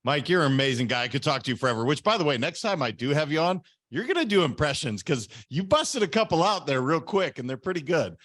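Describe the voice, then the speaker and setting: A man's voice: on the high side, animated, fast talker, few pauses, fairly bright tone. A man hosting a podcast, talking in a friendly, casual way with his guest. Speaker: podcast host. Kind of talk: casual interview talk.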